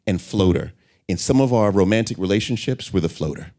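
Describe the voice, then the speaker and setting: A middle-aged man talking candidly as an interview guest, an animated storyteller. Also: lowish voice, a little fast. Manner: animated storyteller, acts out voices in anecdotes.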